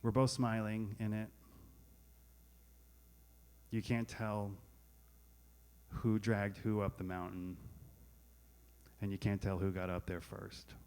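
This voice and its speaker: A man's voice: fairly low pitch, flat delivery, slow, pauses often, darkish tone, smooth. Candid man telling a personal story on stage. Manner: candid, wry, self-deprecating. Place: stage at a live storytelling event.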